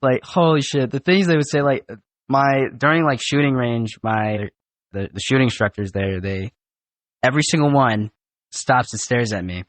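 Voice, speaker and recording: A man's voice: medium pitch, moderate pace, no echo. Young man telling profane boot camp stories. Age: young adult. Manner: animated, profane, acts out drill instructors. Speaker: recent Marine recruit guest. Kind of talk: casual storytelling chat. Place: podcast studio.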